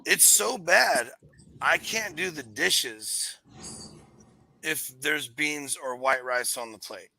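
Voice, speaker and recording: A man's voice: a little high, slow, gravelly, poor audio. A man hosting a casual show, rambling through stories and reading the live chat. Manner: rambling, animated storyteller.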